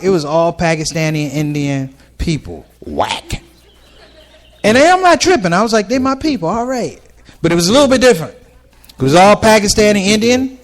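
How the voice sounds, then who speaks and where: A man telling stand-up stories to a live ballroom audience in a casual, conversational way, jumping in and out of voices. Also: fairly high pitch. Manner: conversational, animated, jumps between voices. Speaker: stand-up comedian.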